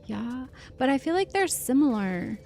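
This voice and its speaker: A woman's voice: high voice, very animated, moderate pace, darkish tone, soft background music. A woman livestreaming a game, chatting in a rambling, chatty way with lots of fillers. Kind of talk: casual livestream chat while gaming.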